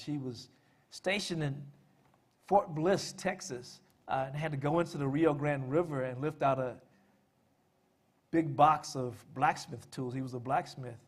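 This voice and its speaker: A man's voice: mid-range voice, moderate pace. A man giving a public talk on family history, conversational, with frequent fillers and dry, self-deprecating humor. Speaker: speaker presenting family history and poetry.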